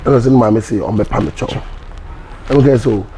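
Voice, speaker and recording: A man's voice: medium pitch, fairly quick, warm tone, rough recording. This is a Ghanaian man telling his side of things as an interview guest, in a mid-range voice. He mixes Pidgin and English and acts out the lines other people said to him. A faint hiss runs under the recording. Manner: mixes Pidgin and English, acts out quoted dialogue, laughs often. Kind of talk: animated storytelling interview.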